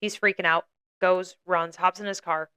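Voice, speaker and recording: A woman's voice: on the low side, steady tone, normal speed, pushed and bright, smooth. A young woman co-hosting a podcast, casually retelling a story with lots of "like" and acted-out quotes. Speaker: podcast co-host.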